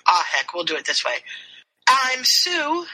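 Bright-voiced easygoing woman podcaster. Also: high voice, huge pitch swings, a little slow, rough recording. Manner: chatty, easygoing, laughs often. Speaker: podcast co-host. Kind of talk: casual chat.

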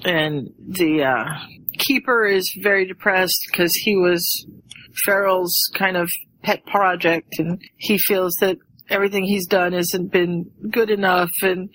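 A woman's voice: on the low side, a little slow, fairly bright tone, low-quality recording. A woman in casual chat, enthusiastically retelling a story to friends.

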